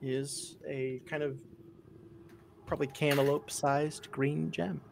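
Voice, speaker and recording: A man's voice: on the high side, little pitch movement, takes it slowly, creaky, background noise. A man narrating as game master of a tabletop game, describing scenes loosely with many fillers.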